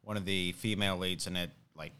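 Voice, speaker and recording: Young man, podcast host, smooth clear voice, loose rambling delivery. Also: deep voice, fairly even intonation, fairly quick, pushed and bright. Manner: rambling, hesitant with many fillers. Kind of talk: casual chat.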